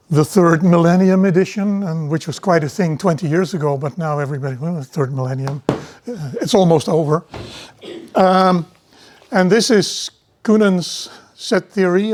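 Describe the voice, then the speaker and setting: Male lecturer, slightly higher voice. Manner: relaxed, digressive, many restarts. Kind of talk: university lecture.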